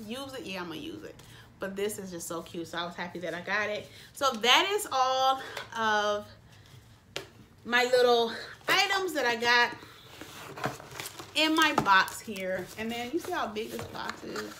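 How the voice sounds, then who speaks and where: A woman vlogging casually from her bedroom, gushing excitedly over a makeup unboxing and calling her viewers y'all. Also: a little high, measured pace, pauses often, a little hiss or hum. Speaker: beauty vlogger.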